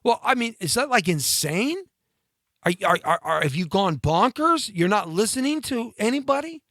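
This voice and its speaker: A talk-show host of mixed Latin and Scottish-Irish heritage launches into a comedic monologue rant, mocking with sudden pitch jumps that swoop up and down. His voice is high and bright with a sharp edge, animated at a normal speed. The recording is close and dry, with no room sound.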